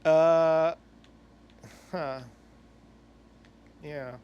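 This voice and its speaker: A man's voice: fairly high pitch, fairly even intonation, drawn-out words, darkish tone, smooth, dull audio. A man in a rambling, self-correcting monologue, crude and meandering. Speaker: online commentator.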